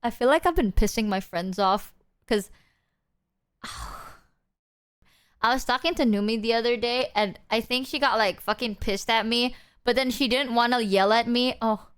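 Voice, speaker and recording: A young woman streaming and chatting openly to her audience, her voice sitting high and bright. She talks in loose, rambling runs with big upward swings. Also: normal speed, clean tone. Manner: animated, swinging pitch, candid and rambling. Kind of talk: casual chat to stream viewers.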